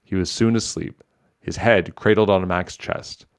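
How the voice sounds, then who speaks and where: A man reading a children's novel aloud in a steady, clear storytelling manner. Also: low voice, a little slow. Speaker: storybook reader.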